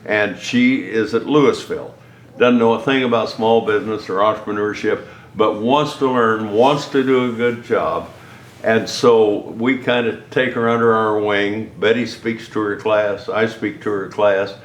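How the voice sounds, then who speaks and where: A man's voice: on the low side, fairly even intonation, a little slow. Rambling man in an echoey room. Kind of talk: casual storytelling. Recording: roomy with faint background noise.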